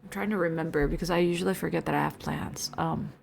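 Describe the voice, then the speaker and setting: A young woman hosting a relaxed live stream, chatting with her viewers and reading their messages aloud. She is giggly and chatty, sliding between a soft, hushed voice and sudden bursts of excitement. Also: low voice, quick pace, creaky, noisy background. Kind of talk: casual stream chat.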